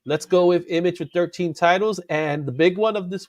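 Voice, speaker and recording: A man hosting a casual comic book chat, animated and laughing often, drawing out his exclamations. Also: high-pitched, moderate pace, no room sound, studio quality. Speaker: comic book show host.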